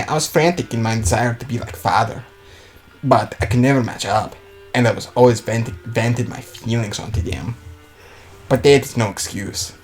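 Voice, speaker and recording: Man playing a stern middle-aged brother, subdued, low-key, visual novel reading. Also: creaky, close to an everyday voice.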